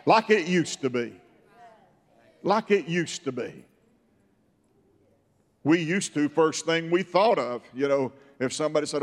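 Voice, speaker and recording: Older male preacher, higher voice, fervent with shouting bursts, long church reverb. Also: animated, unhurried, long pauses. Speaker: pastor. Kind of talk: Pentecostal sermon.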